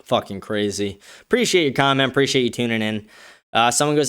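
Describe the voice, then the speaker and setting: Smooth-voiced blunt livestream host. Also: male voice, medium pitch, lively intonation, quick pace, fairly bright tone. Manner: blunt, profane, offhand. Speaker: show host. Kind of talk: casual livestream commentary reading chat comments.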